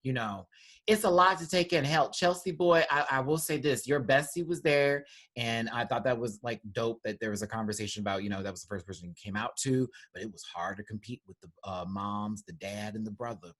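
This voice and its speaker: A man hosting a casual review chat, animated and playful, breaking into exclamations and laughter. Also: medium pitch, fairly quick. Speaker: host.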